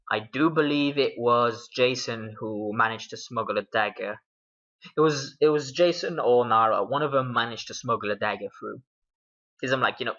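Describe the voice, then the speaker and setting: A man's voice: mid-range voice, sharp tone. A man from Britain, a game master, casually recapping his tabletop sessions in a rambling way with plenty of fillers. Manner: rambling, with many fillers and laughs. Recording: dull lo-fi recording.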